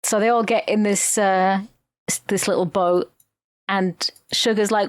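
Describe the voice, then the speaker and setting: A woman's voice: mid-range voice, measured pace, no echo, clean studio sound. A woman, co-hosting a podcast and retelling a film plot in casual chat, swearing freely. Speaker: podcast co-host.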